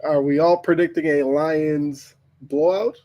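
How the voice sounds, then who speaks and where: A man with a slightly high voice who moderates a casual sports podcast. His comments are short and keep the conversation moving. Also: fairly even intonation, measured pace, warm tone. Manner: brief, moderating.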